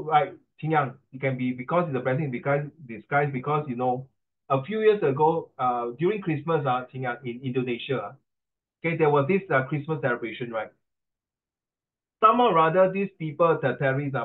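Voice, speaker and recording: A middle-aged man with a Singaporean English accent, coaching pronunciation in an online class, chatty and teasing, slipping into Mandarin. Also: medium pitch. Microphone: video call. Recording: tinny video call line.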